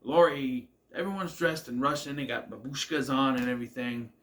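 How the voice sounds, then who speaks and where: A man's voice: medium pitch, normal speed, a bit bright. A man casually recapping and reviewing a TV episode, musing aloud, questioning the plot and often trailing off with "I don't know.". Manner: laughs at the scenes.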